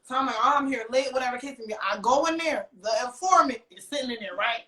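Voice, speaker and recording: This woman talks fast in a high-pitched voice while guesting on a podcast, telling a casual story and acting out what people said. Her voice comes from off-mic in an echoey space.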